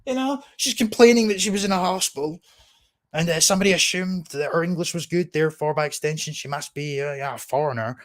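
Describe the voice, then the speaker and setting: A man's voice: fairly high pitch, quick pace, no room sound, clean studio sound. A Scottish man hosting a livestream, giving sardonic, rambling commentary and reading the chat aloud. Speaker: livestream host.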